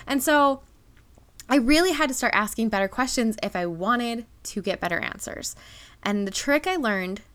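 A woman's voice: a little high, fairly bright tone. A young adult woman hosting her own podcast, talking candidly and animatedly about a hard year, often laughing between thoughts. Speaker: podcast host. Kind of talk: personal podcast talk.

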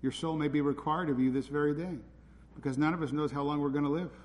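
A man's voice: on the high side, steady tone, fast talker, darkish tone, dull audio. Urgent male preacher in a reverberant hall. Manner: urgent, pleading, emphatic. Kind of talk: sermon. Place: church hall. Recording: hall reverb with faint ambient noise.

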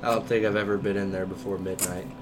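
Low-voiced joking man. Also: flat delivery. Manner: joking, laughing, quick interjections. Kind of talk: casual chat. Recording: noisy room.

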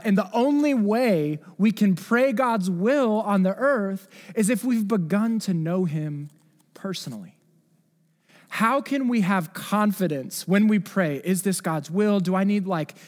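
A man in his thirties preaching a sermon in an earnest way, often repeating words and rising with emphasis. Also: high-pitched. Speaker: pastor. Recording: long reverb of a hall.

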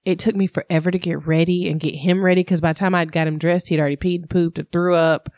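A woman in casual conversation, candidly telling a personal story in an animated way. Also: lowish voice, fast talker, few pauses, dry recording, clean studio sound. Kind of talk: casual chat.

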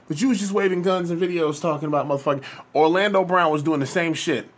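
A man's voice: on the high side, fast, hardly any pauses, a bit bright. A man co-hosting a podcast, ranting heatedly in casual chat with heavy cursing. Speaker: podcast co-host.

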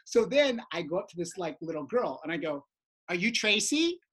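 A woman podcast host telling a stage story in casual chat, acting out shouting voices. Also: lowish voice, fairly quick, husky. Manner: lively storyteller who shouts out quoted voices.

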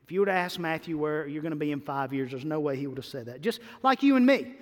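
High-pitched preaching man in an echoing hall. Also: quick pace. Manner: animated preaching with sudden loud and soft swings. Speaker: pastor. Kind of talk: sermon. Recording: long hall reverb.

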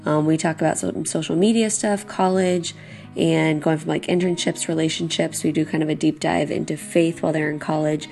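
Chatty young woman podcast host, gravelly. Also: low-pitched, fairly even intonation, fairly quick, darkish tone, faint music behind. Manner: chatty, laughs often, says "like" a lot. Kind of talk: casual podcast chat.

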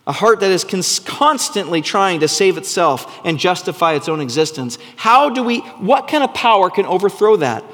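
A man preaching a sermon, earnest and full of rhetorical questions, sometimes dropping to a hushed voice for emphasis. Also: sits high, lively intonation, normal speed, few pauses, in a large hall. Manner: drops to a hushed, soft voice for emphasis. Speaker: pastor.

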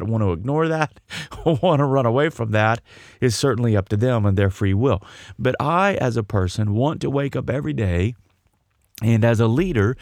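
A man's voice: medium pitch, darkish tone, no room sound, studio quality. A male pastor preaching a sermon, building rhythmic lists of repeated phrases and chuckling now and then.

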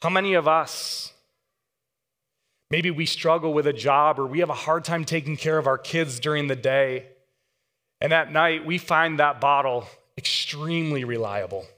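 A man preaching a sermon, an animated storyteller who acts out the voices in his anecdotes. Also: a little high, normal speed. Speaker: guest pastor. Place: church sanctuary. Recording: long church hall reverb.

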